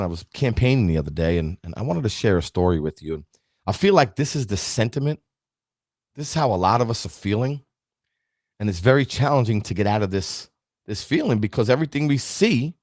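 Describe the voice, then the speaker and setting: A man hosting a motivational talk show, speaking straight to his audience with a preachy, animated delivery. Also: mid-range voice, brisk, dry recording, clean studio sound. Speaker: motivational show host and town councilman.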